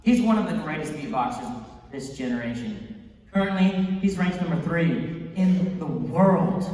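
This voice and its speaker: A young man giving an energetic, playful motivational talk, telling stories and laughing often. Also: a little high, moderate pace. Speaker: motivational speaker. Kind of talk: motivational storytelling speech. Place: large convention hall. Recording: echoey hall from far off.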